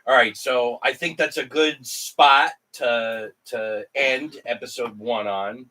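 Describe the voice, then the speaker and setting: A man's voice: mid-range voice, takes it slowly, sharp tone. A man co-hosting a podcast in casual chat, upbeat and playful. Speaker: podcast co-host.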